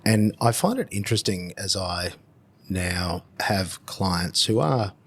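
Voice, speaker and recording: Animated man in his fifties. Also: deep voice, slow, breathy edge. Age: 50s. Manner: animated, swears casually, acts out quotes. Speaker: podcast host. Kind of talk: casual conversation.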